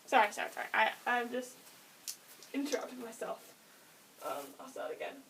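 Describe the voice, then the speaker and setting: Explaining how to train a pet, a girl in her late teens chats away in a high, sing-song, fairly bright voice, correcting herself and slipping in giggly little asides. She sounds distant from the microphone, and the low-quality recording carries a faint background hiss.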